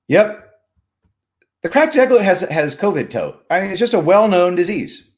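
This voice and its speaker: Animated male live streamer. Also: fairly high pitch, measured pace. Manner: animated, joking, swings from loud bursts to mumbled asides. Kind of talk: casual live stream chat reading comments.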